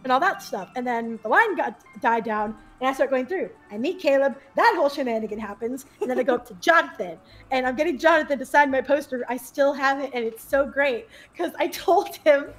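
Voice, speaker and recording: A young woman, a podcast guest, telling stories in a casual chat, giggling often and acting out what people said in a brighter voice. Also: lively intonation, brisk, hardly any pauses, soft background music. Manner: bubbly, giggly, acts out quotes in a higher voice.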